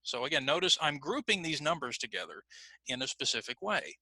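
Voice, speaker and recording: Bright, dry-sounding man teaching English. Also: fairly high pitch, sing-song, brisk, no echo. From United States. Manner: clear, patient explaining with modeled example phrases. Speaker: ESL teacher. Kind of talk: online English pronunciation lesson.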